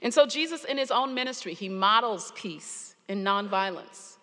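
A woman preacher giving a sermon, earnest and storytelling with pauses, in a church sanctuary. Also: mid-range voice, expressive, fairly bright tone. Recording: long hall reverb.

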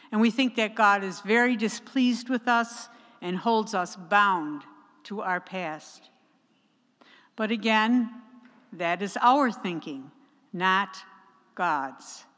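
A woman preaching a sermon in a church, slow and emphatic, with measured pauses. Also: medium pitch, fairly bright tone. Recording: long church reverb.

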